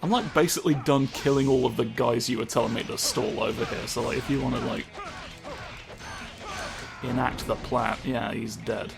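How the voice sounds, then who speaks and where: A man's voice: medium pitch, steady tone, normal speed, vocal fry. A man giving casual, rambling commentary over his gameplay, joking and swearing often. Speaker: let's play host. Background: game music.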